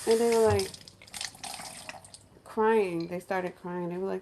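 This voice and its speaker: A woman from New York, a lifestyle vlogger, telling a story in casual chat in her home kitchen, animated and laughing, acting out other people's voices. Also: mid-range voice, slow pace, background noise. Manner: animated, laughing, acts out crying voices in quotes.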